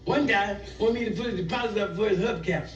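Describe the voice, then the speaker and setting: A gruff, stubborn old junk dealer, played by a man in a 1970s sitcom, sharp-tongued and wisecracking in a high, strained voice. The sound comes from far off in a noisy, echoey clip. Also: fast talker, lo-fi sound, close to an everyday voice. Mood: complaining. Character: cranky older male junk dealer, sarcastic and stubborn.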